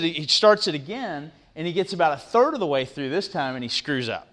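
Speaking briskly with hardly any pauses, a middle-aged man with a high, fairly bright voice delivers an animated motivational talk as a guest in a university lecture room. He keeps it conversational, quizzing the students and tacking "right?" onto his points.

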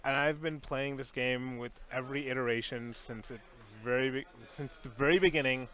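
A male developer in a relaxed studio stream conversation, with a voice of ordinary pitch. He speaks earnestly and rambles a little, often restarting his sentences. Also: brisk. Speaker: game developer co-host. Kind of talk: casual livestream chat.

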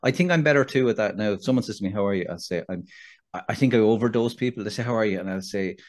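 A man's voice: lowish voice, rapid-fire. Chatty Irish man hosting a podcast. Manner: chatty, self-deprecating, many restarts. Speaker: podcast host. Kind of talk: casual interview chat.

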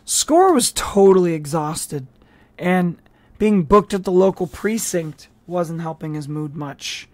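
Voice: mid-range voice, expressive, takes it slowly, a little mellow, dry recording. An audiobook reader narrating a novel with casual asides and small restarts. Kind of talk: storybook narration.

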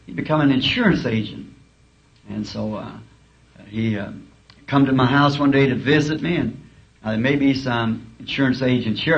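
A male preacher telling humorous, folksy stories in a sermon, chuckling as he talks. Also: mid-range voice. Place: school auditorium. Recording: dull lo-fi archive tape, faint hiss.

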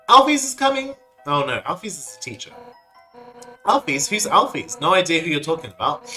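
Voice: mid-range voice, very animated, normal speed, soft background music. Undyne, a streamer doing a brash fish cop. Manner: loud, brash, barking. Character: brash tough fish-woman police chief.

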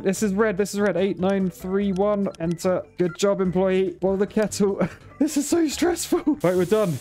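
A man's voice: on the high side, warm tone. A young man commenting on a game as he plays, reading each task aloud and getting flustered under pressure. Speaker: gaming YouTuber. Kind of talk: frantic let's-play commentary.

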